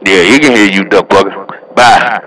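A man's voice: on the low side, moderate pace, background noise. A man driving a truck, trading teasing, slangy banter and radio handles over the CB. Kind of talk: CB radio chatter.

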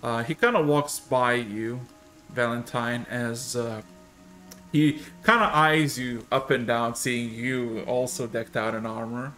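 A man's voice: medium pitch, steady tone, slow pace, pushed and bright, faint music behind. A man narrating as game master, hesitant with many fillers.

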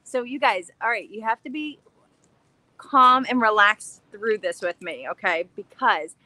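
A young woman hosting a casual craft-channel livestream from her backyard, bubbly and excited, chatting in a scattered, rambling way. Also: medium pitch, unhurried, no room sound. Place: backyard, outdoors.

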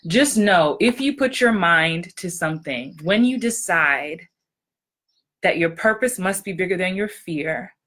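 A woman acting coach talking to viewers in a casual livestream, excitable and upbeat. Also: lowish voice, measured pace.

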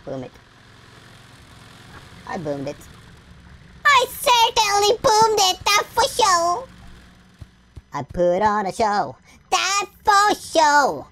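A gameplay commentator in casual let's-play commentary, playful and silly, repeating words and teasing game characters. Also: mid-range voice. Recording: game audio with loud music behind. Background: game music.

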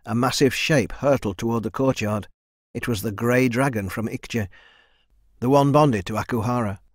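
A man reading a fantasy novel aloud in a steady storytelling voice that lifts for the action beats. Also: medium pitch, normal speed, no echo, studio quality. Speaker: audiobook narrator. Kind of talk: scripted fantasy narration.

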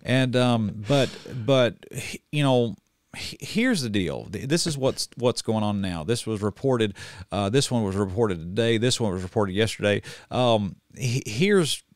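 Blunt man, low and dry. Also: measured pace, no room sound. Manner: folksy, blunt, with many restarts and fillers. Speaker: online preacher and commentator. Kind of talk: casual commentary reading news aloud.

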